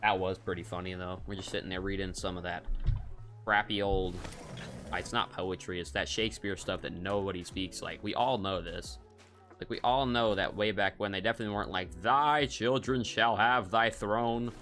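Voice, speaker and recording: A man's voice: low-pitched, fairly even intonation, fairly quick, fairly bright tone, soft background music. A man streaming a hunting game, giving casual, rambling commentary and cracking jokes as he thinks aloud.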